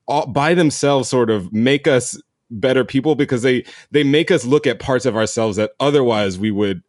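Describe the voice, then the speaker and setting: A man's voice: mid-range voice, normal speed, no echo. Man hosting a podcast, dry close sound. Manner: conversational, frequent restarts and laughter. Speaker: podcast host. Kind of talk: casual podcast interview.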